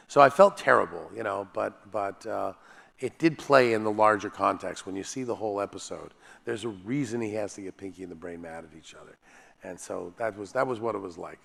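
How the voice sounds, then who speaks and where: Gravelly man telling stories in a hall. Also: lowish voice, fairly quick. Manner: lively, self-deprecating, frequent restarts. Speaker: voice actor guest on a convention panel. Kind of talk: animated anecdotal storytelling.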